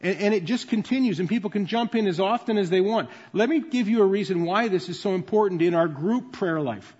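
High-voiced male pastor, booming hall. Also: fairly quick, darkish tone, slightly rough. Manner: conversational, explanatory teaching. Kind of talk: sermon. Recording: dull sound with long reverb in a large hall.

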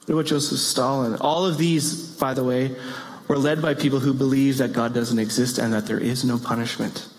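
A man preaching a sermon in an animated way, with playful asides and rising exclamations. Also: mid-range voice, normal speed. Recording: long hall reverb.

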